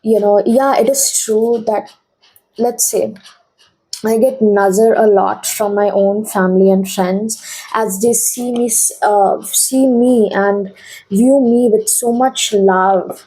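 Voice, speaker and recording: A woman's voice: medium pitch, steady tone, takes it slowly, mellow, husky, poor audio. A young woman giving a casual tarot reading, chatty and often checking in with her viewers. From India. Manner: chatty, keeps checking in with "okay?". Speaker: tarot reader.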